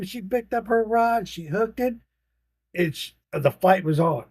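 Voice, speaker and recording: A man's voice: high-pitched, expressive, measured pace, darkish tone, no echo. An older man telling a rambling, profane story about his grandchildren, laughing often. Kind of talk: casual storytelling.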